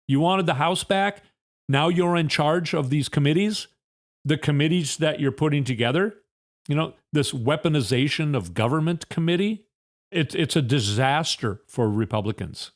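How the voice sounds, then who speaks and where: A man hosting a solo political commentary podcast, firing off indignant rhetorical questions in a fired-up way. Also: on the high side. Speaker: podcast host.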